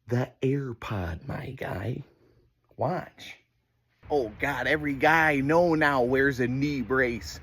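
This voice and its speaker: A young man from the United States delivering a comedic rant monologue, exasperated and animated, slipping into quick put-on voices for the people he mocks. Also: on the high side, slightly rough, no room sound.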